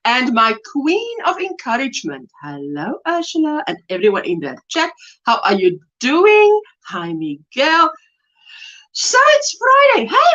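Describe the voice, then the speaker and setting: A chatty woman hosts a casual livestream from home, greeting her viewers by name and laughing often. Her voice sits a little high and swings widely in pitch. The sound comes through a dull, lo-fi webcam mic. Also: a bit bright. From South Africa. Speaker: crochet livestream host. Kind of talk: casual live-stream chat.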